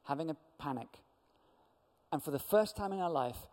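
A man with a slightly raised voice telling a church testimony story. He acts out the people in his story with lively shifts. His voice rings out in a long hall reverb. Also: fairly high pitch, normal speed. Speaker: church speaker.

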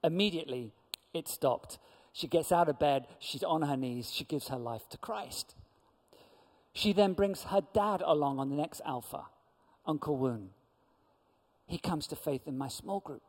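A man's voice: a little high, a little slow. Storytelling man in a reverberant hall. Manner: lively storyteller who acts out quoted voices. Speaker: church speaker. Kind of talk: storytelling testimony talk.

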